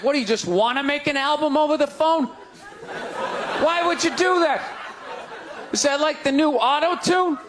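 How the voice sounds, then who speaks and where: Middle-aged man, stand-up comedian, very high voice, exasperated shouting rants, live club recording, laughing crowd, noisy. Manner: loud, exasperated ranting with sudden shouts.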